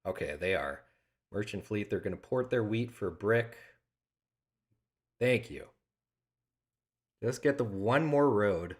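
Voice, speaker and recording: A man doing live commentary over an online board game, his talk slow and drawn out. He vents at other players, swearing often, and his irritation shows in almost every remark. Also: fairly low pitch, animated. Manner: frustrated, swearing, reacting aloud to play. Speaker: game streamer.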